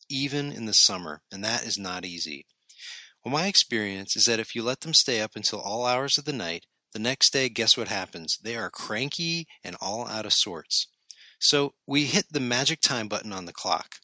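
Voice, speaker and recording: Bright-voiced male podcast host. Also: fairly low pitch, animated, moderate pace, dry recording. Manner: friendly, conversational, lightly humorous. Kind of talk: scripted solo podcast monologue.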